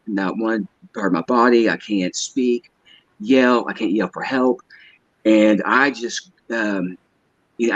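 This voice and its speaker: A man telling a personal story as a guest, halting and hesitant, often repeating his words. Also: fairly low pitch, husky, no room sound. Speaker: guest caller. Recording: dull lo-fi line.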